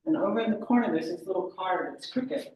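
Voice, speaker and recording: Woman storyteller at a small meeting, lively delivery; distant mic, very echoey room. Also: medium pitch, a little fast, a little hiss or hum. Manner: animated, self-correcting. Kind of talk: live oral storytelling. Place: meeting room of a historic house.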